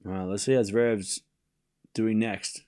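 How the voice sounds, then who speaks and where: A young man doing live play-by-play commentary on a tennis match for his stream. He is excitable, jokes with his chat and shouts at the big points. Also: fairly low pitch, unhurried, smooth.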